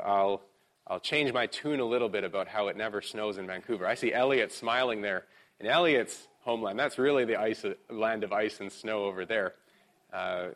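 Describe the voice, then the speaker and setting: A middle-aged man preaching a sermon as pastor, talking in a relaxed, conversational way with frequent filler words and slowing down to stress key words. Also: on the low side. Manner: reads slowly, with rising emphasis.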